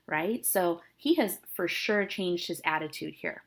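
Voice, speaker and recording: Casual teacher explaining Shakespeare lines. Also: female voice, fairly low pitch, animated, unhurried, few pauses. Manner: reads lines aloud then paraphrases casually, frequent "okay?" and "right?". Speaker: English teacher. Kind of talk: classroom reading and explanation.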